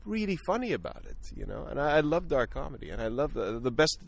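A man's voice: mid-range voice, sing-song, quick pace, creaky. A man talking through his thoughts on films in a casual discussion, thoughtful and full of fillers and restarts. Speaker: film podcast guest.

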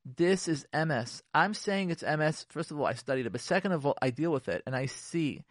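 A middle-aged man talks in a fairly high voice on a radio show. He is emphatic, repeats phrases for stress and keeps turning to the listener questions. The sound is close and dry. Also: animated, a little fast, dry recording. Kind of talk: animated talk on relationships, reading and commenting.

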